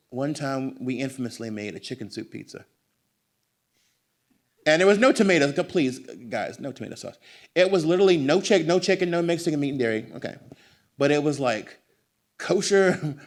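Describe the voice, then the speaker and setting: An American man giving a book talk in a bookstore, telling family stories to an audience and acting out the voices of his relatives. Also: mid-range voice. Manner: animated, acts out family voices. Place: bookstore event room.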